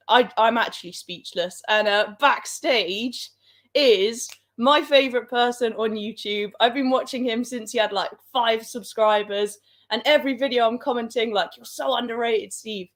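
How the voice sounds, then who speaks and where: A young woman hosting a football livestream, dramatic and laughing often. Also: on the high side. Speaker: livestream host. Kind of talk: excited livestream chat.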